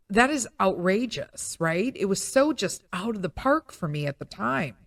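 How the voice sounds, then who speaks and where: A woman in her thirties speaks in a low, gravelly voice, recorded close and dry with no room sound. She talks candidly and emotionally with plenty of fillers, her voice thick with tears. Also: no room sound. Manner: emotional, tearful storytelling with frequent fillers. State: crying. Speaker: podcast host. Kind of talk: personal reflective monologue.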